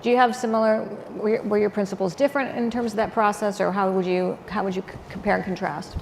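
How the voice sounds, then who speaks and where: Woman moderator with a gravelly voice, loose rambling questions, hall reverb. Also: mid-range voice, steady tone, quick pace, slight background noise. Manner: conversational, meandering questions. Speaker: panel moderator. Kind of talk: moderating a panel discussion. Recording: reverberant hall with faint ambience.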